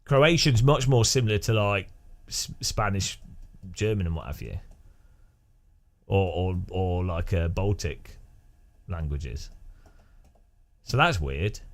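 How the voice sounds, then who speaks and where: Man, casual live-stream chat, animated pitch, laughs a lot. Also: slow pace, long pauses. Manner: chatty, laughs often, imitates language rhythms with syllables.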